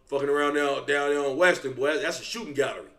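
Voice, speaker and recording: A man's voice: fairly high pitch, fast talker, a bit bright. A young man giving loose, profane reaction commentary and talking straight to his viewers. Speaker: reaction streamer.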